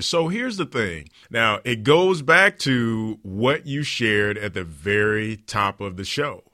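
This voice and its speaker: Lively, bright-voiced man hosting a podcast. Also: fairly low pitch, no room sound, studio quality. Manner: animated storytelling, frequent laughter. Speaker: podcast host; former pro football player. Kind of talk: podcast conversation.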